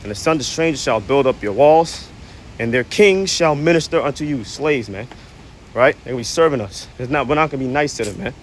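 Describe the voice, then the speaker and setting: A man's voice: mid-range voice, animated, brisk. Breathless dude preaching bible verses outside, cussing, keeps saying "man, right?", light street noise. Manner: reads scripture aloud then explains it in blunt, profane slang. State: short of breath. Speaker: religious commentator. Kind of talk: preachy street-corner scripture commentary.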